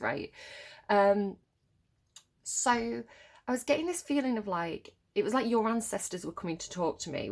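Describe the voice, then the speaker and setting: A woman's voice: medium pitch, vocal fry. A woman doing a casual tarot reading at home, chatty and rambling, with lots of fillers and a hyper, giddy energy. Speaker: tarot card reader.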